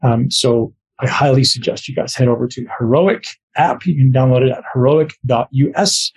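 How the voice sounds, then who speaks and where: A man's voice: mid-range voice, steady tone, moderate pace, husky, rough recording. A podcast host, a man, reading a sponsor message in an enthusiastic, informal way. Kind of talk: sponsor read.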